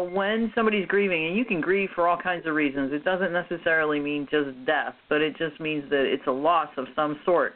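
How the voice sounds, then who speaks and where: A woman hosting a panel discussion, talking haltingly with many restarts and ums. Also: sits low, a little hiss or hum. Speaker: host. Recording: tinny phone-like line.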